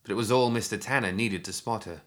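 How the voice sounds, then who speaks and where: Guy reading an action story aloud, steady measured pace, slightly low voice. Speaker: narrator. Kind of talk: scripted audiobook narration.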